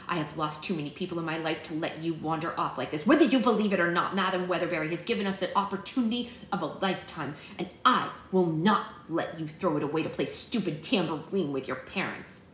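A woman voicing an earnest, bossy young fairy girl who talks in a high, urgent voice, read aloud in an echoey room. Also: animated, a little fast, hardly any pauses, a little hiss or hum, lightly acted. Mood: stern.

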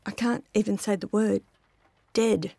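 A woman's voice: mid-range voice, fairly even intonation, a little slow, creaky, warm tone, no echo, studio quality. A middle-aged woman narrating her own memoir in a reflective, intimate first-person telling.

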